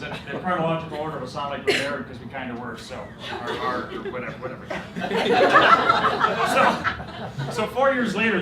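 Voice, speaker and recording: A man, giving a best man's wedding speech and telling jokey stories that he laughs through, turning earnest when he praises his friend. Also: fairly high pitch. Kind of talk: wedding toast storytelling. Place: reception hall with guests. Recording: roomy, distant, loud room noise.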